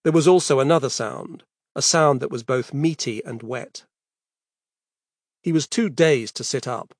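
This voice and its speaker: A man reads a horror story aloud in a steady, measured way. His voice sits in a middle pitch range. The recording is dry and close, with no room echo. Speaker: narrator. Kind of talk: scripted horror story narration.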